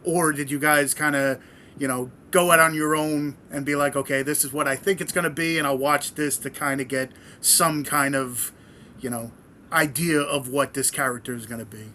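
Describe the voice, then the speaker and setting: A man co-hosting a podcast, with a somewhat high and sharply bright voice. He rambles through his points, padding them with fillers. Faint hiss sits underneath. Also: fairly even intonation, moderate pace. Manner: rambling, many "you know" fillers. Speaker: podcast co-host. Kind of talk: casual podcast interview.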